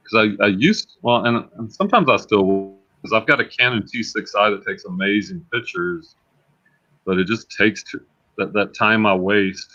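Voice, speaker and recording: Casual man host, low voice, chatty and self-repeating, slightly dull lo-fi audio. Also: normal speed, sharp tone. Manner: chatty, repeats words as he thinks aloud. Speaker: livestream host and reseller. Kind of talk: casual livestream chat.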